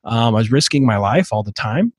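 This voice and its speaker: Husky thirties man, halting storytelling, dry close sound. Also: mid-range voice, expressive, no room sound. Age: 30s. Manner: halting, many fillers and restarts. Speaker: podcast guest. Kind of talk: casual interview storytelling.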